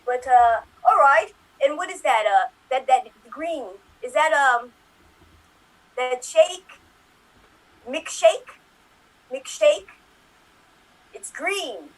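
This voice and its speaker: A woman voicing a sheltered, bewildered elderly royal man in a put-on upper-class English accent, hesitant and halting in an improv comedy scene. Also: high voice, animated, exaggerated voice, rough recording. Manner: hesitant, full of ums and halting restarts. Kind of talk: improv comedy scene over video call.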